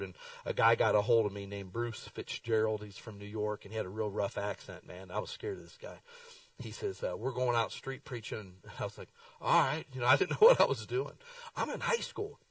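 Folksy preacher, dry and off-mic. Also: male voice, a little fast, no room sound, distant mic, poor audio. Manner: folksy storytelling with lively swings in pitch. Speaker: pastor. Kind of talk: sermon. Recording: dry sound, speaker away from the mic.

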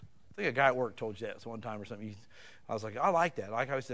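A man preaching a sermon in a folksy, conversational way, swinging between loud emphatic bursts and quiet asides. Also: mid-range voice, fast. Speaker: pastor.

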